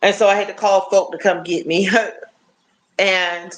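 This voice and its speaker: A woman in her fifties chatting casually and warmly to her viewers on a phone livestream, often checking in with "you know what I'm saying?". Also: medium pitch, flat delivery, unhurried. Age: 50s. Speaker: livestream host.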